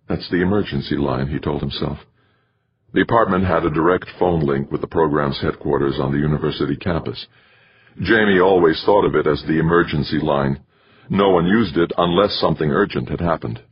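A man narrating an audiobook in a measured, steady storytelling manner. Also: rumbling low. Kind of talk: scripted narration. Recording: dull lo-fi recording.

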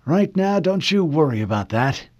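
Man voicing a gruff old admiral, raised higher and blunt, dry lo-fi audiobook sound. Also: very animated, normal speed, a little mellow. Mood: blustering. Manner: brusque, folksy military bluster. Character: aging male fleet admiral, gruff, blunt, commanding.

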